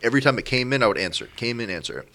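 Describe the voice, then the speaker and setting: A young man on a podcast, telling a story from his old job with big swings in pitch. His voice is bright and lively. He laughs a lot, curses, and acts out what his coworkers said. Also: rapid-fire. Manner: animated, laughs often, swearing, does voices of coworkers. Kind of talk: casual storytelling chat.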